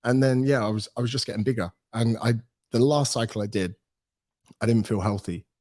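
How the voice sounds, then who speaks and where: This is a casual podcast interview with a British personal trainer in his thirties, whose medium-pitched voice moves fairly quickly. He tells stories in an animated way, performing the quoted dialogue.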